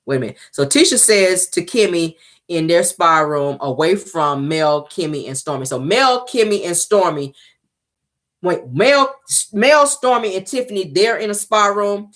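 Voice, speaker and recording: A woman's voice: on the low side, lively intonation, measured pace. A woman recapping a reality show episode in a chatty, casual way, slipping into playful impressions. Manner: chatty, drops into playful impressions of cast members.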